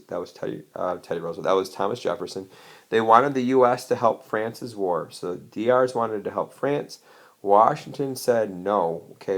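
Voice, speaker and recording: Low, gravelly male history teacher. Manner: casual, chatty explaining with asides. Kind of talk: recorded lecture over slides.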